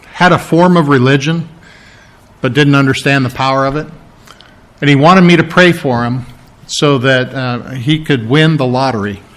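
A man's voice: medium pitch, fairly bright tone. A male pastor preaching a conversational, emphatic sermon, often asking rhetorical questions.

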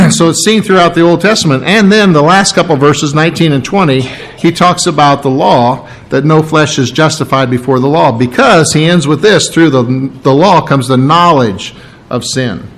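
Guy preaching a sermon, kinda high voice, earnest, keeps repeating stuff for emphasis. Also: moderate pace, a bit bright, low-quality recording. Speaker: pastor. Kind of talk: expository sermon.

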